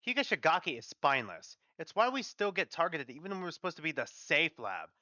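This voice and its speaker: A man's voice: a little high, very animated, brisk, sharp tone, no room sound, full character voice. A man voicing a frustrated, bitter foreign engineer who vents in heated, clipped bursts, on dull lo-fi audio. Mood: bitter venting.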